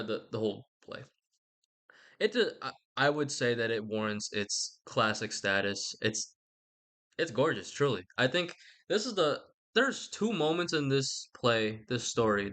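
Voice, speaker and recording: A man talking through a story in a loose, meandering ramble. He drops slang and the odd swear, and he keeps backing up to rephrase. His pitch sits in the middle range for a man. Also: fairly bright tone. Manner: meandering, self-correcting, slangy and irreverent. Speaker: video essayist. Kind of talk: rambling casual commentary.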